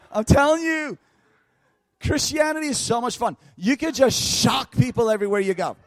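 A man preaching a storytelling sermon at a church service, lively, laughing often and breaking into shouts. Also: very high voice, brisk, dry recording. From United States.

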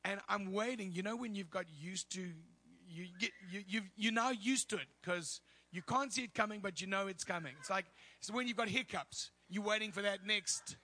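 A male preacher telling a story in a sermon, animated and laughing, with loud bursts of prayer. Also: high voice, moderate pace.

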